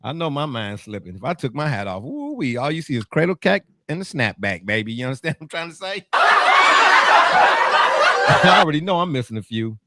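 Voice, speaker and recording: A man hosting a casual sports talk show, animated and teasing, laughing often. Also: medium pitch, a little fast, very noisy.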